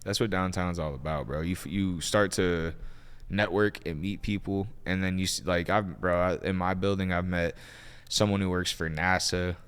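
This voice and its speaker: A man guesting on a podcast, relaxed and chatty, calling people bro and restarting his sentences. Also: low voice, normal speed, clear, resonant tone. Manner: relaxed, says "bro" a lot, many restarts. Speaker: guest artist. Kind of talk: casual podcast chat.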